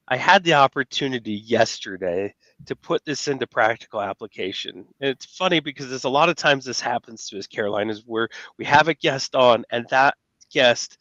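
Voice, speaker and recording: A man in his forties co-hosting a podcast, telling a personal story in an earnest, emotional way with many halting restarts. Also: medium pitch, sharp tone, no room sound. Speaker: podcast co-host. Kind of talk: conversational storytelling. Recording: dull lo-fi dry sound.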